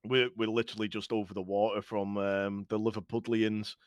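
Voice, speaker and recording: A man's voice: lowish voice, level tone, brisk, dry recording, studio quality. Chatty man with a slight Scouse twang. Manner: chatty, laughs often, rambling. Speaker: guest game maker. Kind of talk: casual chat on a live stream.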